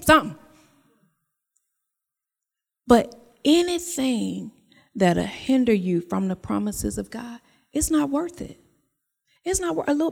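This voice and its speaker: A woman's voice: sits high, in a large hall. A woman preaching a sermon in a church, talking to the congregation and repeating her phrases. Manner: conversational preaching, repeats phrases, tells personal stories.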